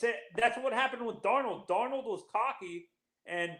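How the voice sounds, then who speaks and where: A man in a casual sports chat, building his point in halting starts and restarts. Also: very high voice, pushed and bright, echoey room, poor audio.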